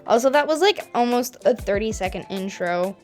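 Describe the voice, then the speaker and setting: A woman's voice: on the high side, lively intonation, moderate pace, darkish tone, faint music behind. Giggly self-mocking young woman vlogger. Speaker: YouTuber reacting to her old videos. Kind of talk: casual reaction commentary.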